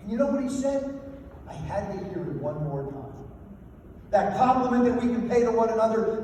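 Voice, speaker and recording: Older male banquet speaker, humorous motivational storyteller, high-pitched, recorded at a distance in a reverberant hall. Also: a little mellow. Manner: anecdotal, self-deprecating storytelling. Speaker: after-dinner speaker. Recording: echoey hall from far off, faint noise.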